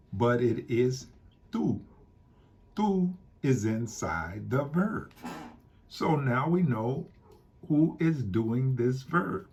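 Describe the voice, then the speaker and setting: A man teaching a Spanish grammar lesson, explaining slowly and repeating key points. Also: mid-range voice, a little mellow, husky. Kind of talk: classroom-style grammar lesson.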